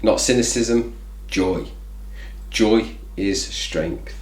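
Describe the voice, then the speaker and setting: A man's voice: fairly low pitch, extremely slow, roomy sound. A man hosting a reflective faith talk, speaking conversationally with lots of "you know" fillers. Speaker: faith video host.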